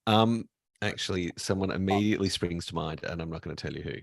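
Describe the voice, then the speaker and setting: A man's voice: deep voice, quick pace, vocal fry, dry recording. A man co-hosting a casual livestream, laughing often and joking at his own expense. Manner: giggly, self-deprecating banter. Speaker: podcast co-host. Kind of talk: casual pre-show chat.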